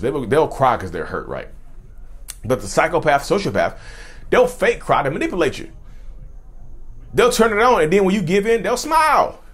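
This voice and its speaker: A man giving casual talk-to-camera commentary on mental health, speaking straight to his viewers and often repeating and restarting his phrases. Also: a little high.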